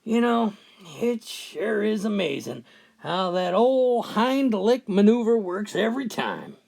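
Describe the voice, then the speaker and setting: A man's voice: sits high, big pitch swings, slow pace, gravelly, a little mellow, pitched above the performer's own voice, full character voice. A man doing a folksy Texan bar guy. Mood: smug. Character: easygoing man from Texas at a bar.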